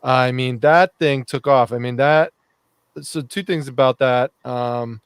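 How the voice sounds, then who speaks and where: A man's voice: mid-range voice, steady tone, measured pace, clear, resonant tone, no echo. A man who is a reselling YouTuber, telling a story on a live chat show in a reflective way, with frequent fillers. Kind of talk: casual storytelling.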